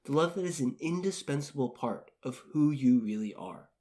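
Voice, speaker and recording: A man hosting a self-help podcast, talking in a calm, gently coaching way and repeating phrases to guide the listener. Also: mid-range voice, moderate pace. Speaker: podcast host.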